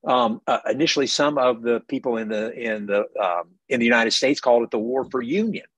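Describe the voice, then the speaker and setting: A man's voice: mid-range voice, a little fast, fairly bright tone, husky, no echo. An author with a faded Southern accent, talking in an emphatic book festival interview over a video call and often restarting his words.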